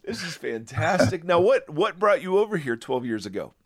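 A man hosting a podcast, chatting casually and joking, with frequent quick restarts. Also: fairly high pitch, sing-song. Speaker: podcast host.

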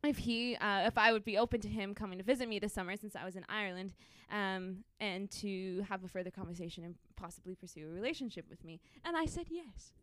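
A woman's voice: mid-range voice, fast, few pauses, dry recording. Giggly woman telling a story. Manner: giggly, animated retelling with quoted dialogue. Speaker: guest. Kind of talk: casual storytelling.

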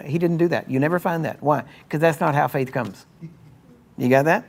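A man's voice: a little high, moderate pace, gravelly. Emphatic man preaching a sermon. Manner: emphatic, checks in with frequent questions. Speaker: pastor.

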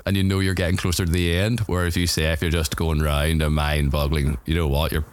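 A man's voice: extremely low pitch, level tone, fast talker, few pauses, no echo. A man as a podcast guest, chatting in an easygoing way and laughing along. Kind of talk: casual chat.

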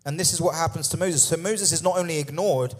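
A man's voice: on the high side, fast. A man preaching a sermon in a conversational way, with humorous asides and frequent "yeah?" and "okay?" check-ins. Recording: long hall reverb.

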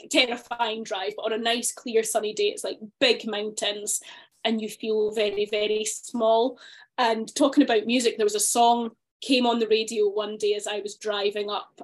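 Chatty, reflective woman with a slightly high voice. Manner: reflective, chatty with frequent fillers and restarts. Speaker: podcast co-host. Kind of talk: casual chat.

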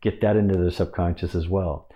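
A man's voice: low voice, fairly even intonation, fairly quick, dark tone. A man coaching on sales technique in a casual teaching monologue, talking conversationally with frequent restarts and asides of "right?".

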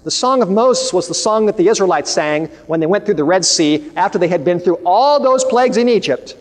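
A man's voice: high voice, lively intonation, fairly quick, long reverb tail. A man preaching a sermon, telling stories and declaiming with emphasis.

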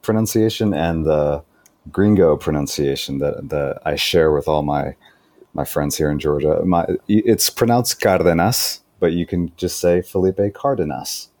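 A man's voice: a bass voice, normal speed, darkish tone. A man joining a sports podcast as a guest journalist over a remote line, friendly and easygoing. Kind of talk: casual podcast interview. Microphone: remote call line.

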